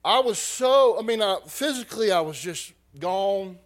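High-voiced man preaching a story. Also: lively intonation, moderate pace. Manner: emotional, rising from hushed to loud. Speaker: pastor. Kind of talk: sermon storytelling.

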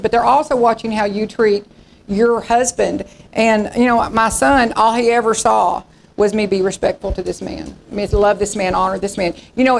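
A woman's voice: medium pitch, gravelly, a little hiss or hum, poor audio. A woman pastor in her sixties, preaching in a folksy storytelling way and acting out the voices in her stories. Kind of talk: sermon.

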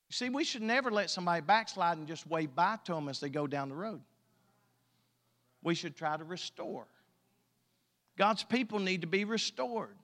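A male pastor preaching a sermon, emphatic and folksy, his loudness rising and falling. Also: a little high, lively intonation, normal speed. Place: church sanctuary. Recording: long church hall reverb.

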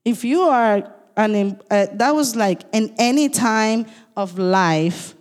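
This is a woman pastor who preaches quickly and emphatically, with a non-native English accent. Her voice sits fairly high, and it carries the long reverb of a church hall. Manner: fast, emphatic preaching with asides and apologies. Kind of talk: sermon.

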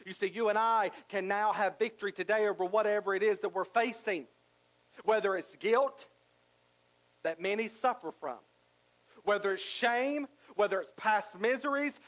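A man with a high-pitched voice preaches a sermon in a drawl. He is middle-aged and builds his points through repetition and rising emphasis. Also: a bit bright, rough recording. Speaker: pastor.

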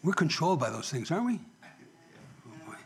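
A man's voice: fairly high pitch, very animated, moderate pace, creaky. A male pastor giving a conversational sermon in church, often asking the congregation questions and joking.

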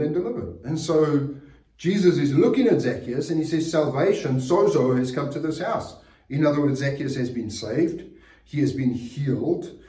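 A male pastor preaching an earnest sermon, repeating key phrases and letting his voice sink softly at the ends of lines. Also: fairly high pitch. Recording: roomy, distant church recording.

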